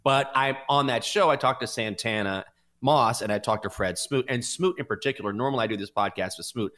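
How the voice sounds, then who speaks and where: A man's voice: mid-range voice, fairly quick, a bit bright. A man in his fifties with a Southern American accent, hosting a sports betting podcast in casual, rambling chat. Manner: rambling, self-reflective, restarts often.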